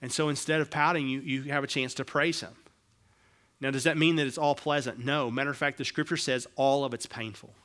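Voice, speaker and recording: A middle-aged male pastor preaching a sermon, swinging between quiet, low asides and raised, emphatic passages. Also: fairly even intonation, a little fast.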